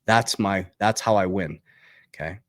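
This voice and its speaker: An energetic man with a fairly low voice delivers a motivational talk on money. He punches his points and repeats them for emphasis. The sound is dry and close, with no room around it. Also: measured pace, no room sound. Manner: emphatic, repeats key phrases, fired up. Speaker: finance coach. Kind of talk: motivational finance monologue.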